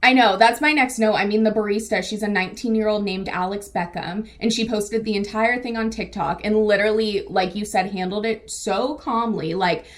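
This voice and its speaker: A woman's voice: medium pitch, fairly even intonation, moderate pace, few pauses. A young woman from the San Diego area co-hosting a casual weekly recap, chatty and laughing often. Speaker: co-host. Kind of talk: casual news recap chat.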